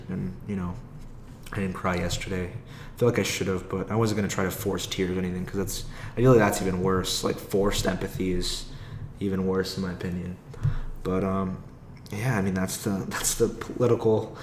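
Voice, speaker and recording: A man's voice: fairly low pitch, a little mellow, roomy sound. A young man hosting a casual solo podcast, rambling, swearing freely and laughing often. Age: young adult. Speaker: podcast host. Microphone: own podcast mic.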